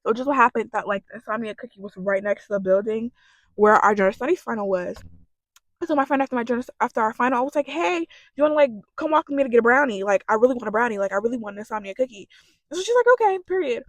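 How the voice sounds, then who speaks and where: A woman's voice: fairly high pitch, racing, no room sound. A young woman telling a storytime vlog in a chatty, profane way, full of fillers. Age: young adult. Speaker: vlogger.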